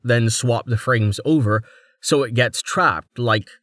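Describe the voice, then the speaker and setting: A man's voice: mid-range voice, fairly bright tone, no room sound, clean studio sound. Guy doing a blunt young captain in a rush, casual, no small talk. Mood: explaining. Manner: brisk, casual, businesslike. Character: brisk young male captain, blunt and hurried.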